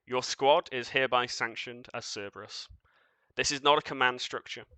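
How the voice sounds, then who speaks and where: A man voicing a cold, commanding being of shifting light in a tabletop game, speaking in measured, formal pronouncements. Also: mid-range voice, fairly even intonation, bright, forceful tone, no echo, natural voice.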